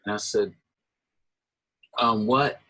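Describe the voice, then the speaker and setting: A man's voice: on the low side, slow, low-quality recording. A middle-aged man, a guitarist, telling stories casually in an interview, acting out the voices of the people he quotes. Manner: animated storyteller, acts out quoted voices. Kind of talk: casual storytelling.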